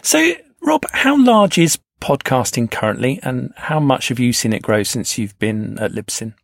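A man's voice: medium pitch, big pitch swings, moderate pace, vocal fry, no echo, clean studio sound. A man hosting an interview, asking questions and offering thoughts with hesitant restarts. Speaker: interviewer host. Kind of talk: conversational interview.

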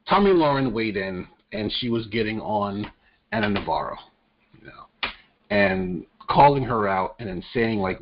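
A man hosting a podcast rants about the news in crude, profane terms and jokes as he goes. His voice sits at an ordinary middle pitch. The recording is dull and lo-fi. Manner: crude, profane, joking rant. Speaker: podcast host. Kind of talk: casual political commentary. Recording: dull lo-fi audio.

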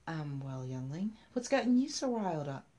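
A woman voicing a middle-aged desk clerk who teases with dry sarcasm but sounds motherly, in a low voice. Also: big pitch swings, normal speed, warm tone. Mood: teasing.

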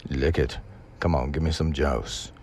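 A man's voice: extremely low pitch, steady tone, unhurried, darkish tone, slight background noise. A man talking to his viewers in a casual, rambling way, full of crude and profane banter while he gets music playing.

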